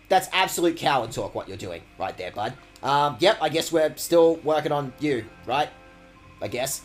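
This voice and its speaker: A man's voice: fairly high pitch, sing-song, fairly quick, faint music behind. Sarcastic man streaming a game. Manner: sarcastic, rambling, mock-outraged asides. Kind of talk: sarcastic let's-play commentary.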